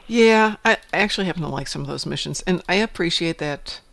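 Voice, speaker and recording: A woman with a gravelly, creaky voice chats casually while co-hosting a gaming stream. She reacts quickly and with animation, her pitch leaping up on surprises. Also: animated, fairly bright tone. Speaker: co-host of a gaming livestream. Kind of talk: casual chat.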